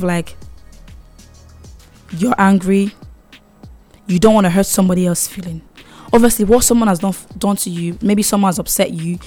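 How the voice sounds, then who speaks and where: Talking directly to her viewers, a young female vlogger gives casual advice about growing up in a mid-pitched, slightly mellow voice. She's emphatic, repeats key words, and keeps checking in with a quick "okay?" over faint background music.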